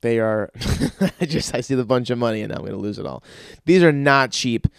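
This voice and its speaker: A man's voice: medium pitch, lively intonation, moderate pace, creaky, clean tone, no echo, studio quality. A young man hosting a casual solo podcast, rambling wryly with plenty of swearing. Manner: profane, rambling, wry. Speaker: podcast host.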